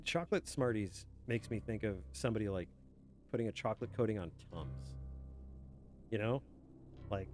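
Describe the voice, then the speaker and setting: This young streamer talks casually with chat as he plays, often laughing and slipping into silly side comments. His low voice moves at a moderate pace with long pauses, over a slight hiss or hum. Faint game music sits underneath.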